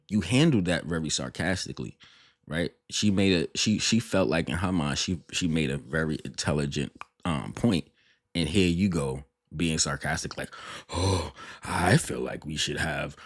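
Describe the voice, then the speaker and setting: A low-voiced man hosting a reaction video, talking bluntly and sarcastically with frequent restarts. The recording is close and dry, with no room sound. His commentary has a casual, rambling flow. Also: no echo.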